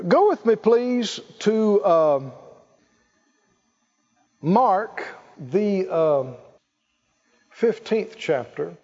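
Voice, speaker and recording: High-voiced preaching man. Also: very animated, drawn-out words, long pauses, darkish tone, long reverb tail. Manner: call-and-response preaching, laughs often. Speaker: pastor. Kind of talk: sermon. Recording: muffled church recording.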